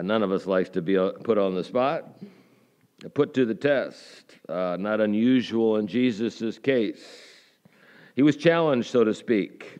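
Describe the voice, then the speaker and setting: A man's voice: lowish voice, darkish tone, smooth. A man preaching a sermon in a church, conversational and folksy, with rhetorical questions and frequent fillers. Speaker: pastor.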